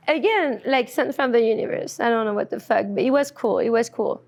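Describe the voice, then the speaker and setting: Young woman, French accent, slightly high voice, candid profane storytelling, laughing asides. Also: brisk, creaky, hardly any pauses. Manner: frank and profane, laughs often, drops to hushed asides.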